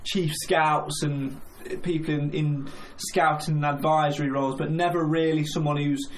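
A man co-hosting a podcast keeps a casual football chat going, joking and laughing often between points. His voice is fairly high and flat, at a moderate pace, with faint noise in the background.

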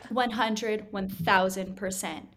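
A woman guest on a podcast, talking about hypnotherapy in a lively, teacherly way at a middling pitch. She pushes her voice louder and brighter, then drops it low and soft, as she explains. Recorded in a studio. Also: takes it slowly, a little hiss or hum. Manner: animated, explanatory, shifts volume to demonstrate.

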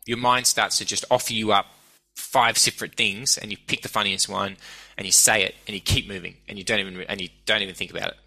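Brief: Australian man, low voice with a sharp, bright edge, animated guest who rants and swears. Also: fast talker, creaky, low-quality recording. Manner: animated, ranting, swears freely. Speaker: guest, comedian and broadcaster. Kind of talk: casual interview chat.

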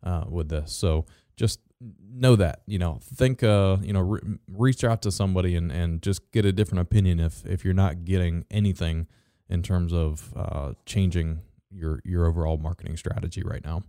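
A man with a low, mellow voice talks through marketing tips as co-host, stumbling over restarts and fillers as he goes. His delivery is casual, with the odd dry sarcastic aside. The sound is close and dry. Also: fairly even intonation, dry recording. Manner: halting, many fillers and restarts. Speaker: podcast co-host. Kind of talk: casual business chat.

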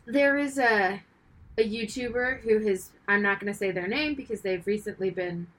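A woman co-hosting a casual chat, playful with quick reactions. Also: mid-range voice, a bit bright, a little hiss or hum, rough recording. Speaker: podcast co-host.

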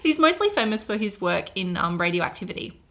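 Bright chatty woman telling history. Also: mid-range voice, big pitch swings, a little fast. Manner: chatty, laughs often, puts on mock voices. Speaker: podcast co-host. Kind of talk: casual chat, storytelling history.

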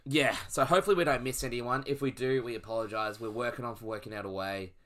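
A man's voice: medium pitch, fast talker, a bit bright. A man co-hosting a podcast in casual chat, easygoing and rambling. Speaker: podcast co-host.

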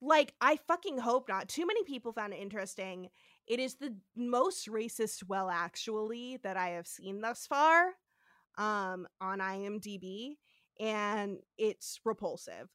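A woman co-hosting a podcast in casual chat, recapping an episode with profane, animated retellings and acted-out quotes. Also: mid-range voice, measured pace, dry recording, studio quality. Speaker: podcast co-host.

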